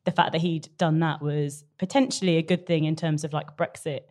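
A woman's voice: low-pitched, steady tone, brisk, a little mellow. Chatty young woman podcast co-host. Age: young adult. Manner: chatty, laughing easily. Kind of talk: casual chat.

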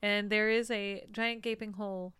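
A woman's voice: mid-range voice, level tone, normal speed, bright, forceful tone, clean tone, no room sound, clean studio sound. A woman co-hosting a podcast in casual chat, rattling off names with fillers. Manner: chatty, lists names with fillers. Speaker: podcast co-host.

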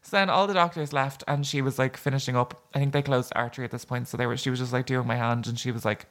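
An Irish man co-hosting a podcast, telling a story with animated quoted voices. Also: medium pitch, quick pace. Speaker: podcast co-host. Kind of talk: casual chat.

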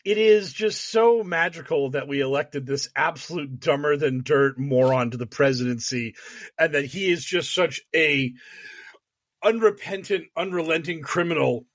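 A man's voice: on the high side, a bit bright, no room sound. A man co-hosting a podcast, ranting sarcastically in casual comedic chat and acting out the people he mocks. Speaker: podcast co-host.

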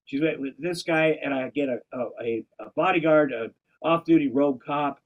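A man's voice: a little high, normal speed. A man talking in a casual, rambling way, wandering off on tangents and restarting his sentences. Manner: rambling, digressive, many restarts. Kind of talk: casual conversation. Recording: dull, lo-fi sound.

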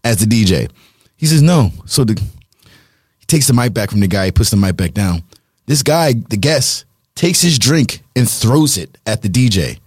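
A man from the DMV area, a guest DJ in a casual podcast chat, telling stories in an animated way that rises with excitement. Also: fairly low pitch, normal speed, breathy edge, dry recording, clean studio sound. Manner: animated storytelling, rising excitedly.

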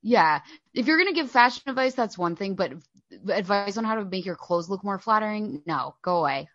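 A woman's voice: mid-range voice, expressive, fairly quick, fairly bright tone, no room sound, muffled recording. A woman co-hosting a podcast, blunt, opinionated and sarcastic in casual chat. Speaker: podcast co-host.

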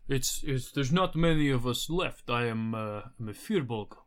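A man voicing a big, gentle male firbolg laborer who speaks haltingly. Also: mid-range voice, lively intonation, close to an everyday voice. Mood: friendly.

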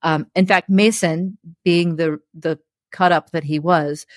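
A woman with a fairly low voice, speaking openly and with feeling as an interview guest. She recounts hard memories in a candid conversational way, breaking into laughter now and then. The sound is dry and close, with little room echo. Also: fairly even intonation, a little slow. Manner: frank and emotional, laughing through hard memories. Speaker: interview guest, television producer.

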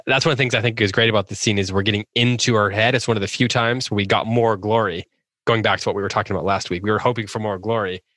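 A man's voice: lowish voice, steady tone, fast talker, a bit bright, no echo, clean studio sound. A man hosting a book podcast, chatting eagerly and apologizing when he interrupts. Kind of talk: casual discussion.

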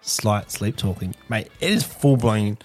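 A man's voice: lowish voice, expressive, unhurried, soft background music. A young Australian man co-hosting a podcast, rambling casually with plenty of swearing and laughter. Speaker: podcast co-host. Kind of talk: casual chat.

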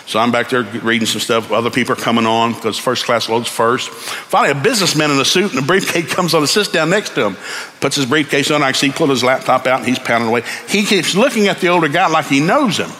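Fiery preacher with a bright voice. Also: male voice, mid-range voice, quick pace. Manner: animated, rising to shouts. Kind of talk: sermon with storytelling. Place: church.

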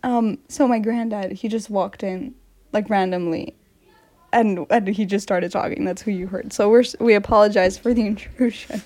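A woman's voice: medium pitch, steady tone, moderate pace, dark tone. A woman with an American accent hosting a casual podcast chat from a home study, rambling, giggling and apologizing often. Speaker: podcast host.

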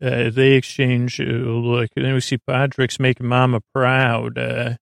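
A man's voice: mid-range voice, completely flat delivery, measured pace, gravelly, no echo, studio quality. A man hosting a podcast, recapping a TV episode in a rambling, jokey way, often stopping himself mid-thought. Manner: rambling, self-interrupting, jokey, thinks aloud while checking the show.

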